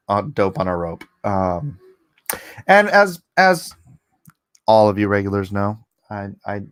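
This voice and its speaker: A slightly hoarse man hosts a casual livestream from a home setup, chuckling as he reads viewers' comments aloud. He talks at an unhurried pace, and his pitch moves up and down in a lively way. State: hoarse after coughing. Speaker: livestream host.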